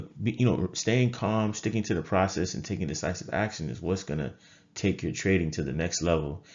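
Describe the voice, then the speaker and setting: Deep-voiced man giving an emphatic coaching talk. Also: a little mellow, highs cut off. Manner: emphatic, repeats phrases for effect. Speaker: trading coach and critical care nurse. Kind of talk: motivational talk to camera.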